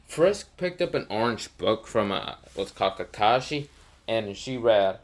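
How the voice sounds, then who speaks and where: A man's voice: medium pitch, lively intonation, normal speed. A man narrating an improvised fan story, rambling with lots of fillers and self-corrections.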